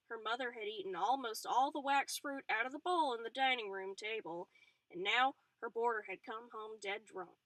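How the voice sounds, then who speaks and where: Bright-voiced woman reading a novel aloud. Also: on the high side, no room sound, poor audio. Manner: expressive, with small slips and restarts. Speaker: audiobook reader. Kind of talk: storybook narration.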